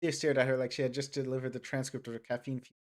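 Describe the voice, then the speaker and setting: A man playing a visual novel, reading its narration and dialogue aloud with quick asides of his own. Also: mid-range voice, flat delivery. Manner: reads dialogue lines and narration plainly, with asides. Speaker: game streamer.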